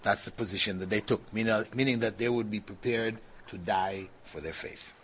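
A man giving a relaxed religious lesson, talking conversationally, laughing now and then and often saying "you know". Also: fairly low pitch, normal speed, a little hiss or hum. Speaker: Islamic teacher. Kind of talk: religious lecture with questions.

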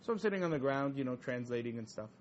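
A man telling a story to an audience in a lively talk, often laughing and saying "you know". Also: medium pitch, fast talker, lo-fi sound, slight background noise.

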